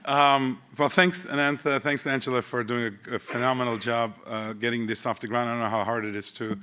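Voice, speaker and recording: A man's voice: medium pitch, level tone, fairly quick, pushed and bright, smooth. A man in his sixties giving a conference keynote, conversational and wry, often restarting his phrases. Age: 60s. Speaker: keynote speaker.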